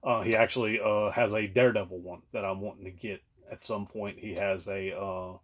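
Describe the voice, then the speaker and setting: A man's voice: lowish voice, fairly even intonation, moderate pace. A man, co-hosting a podcast in casual chat, rambling with many fillers and laughing often. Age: late 30s. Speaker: podcast co-host.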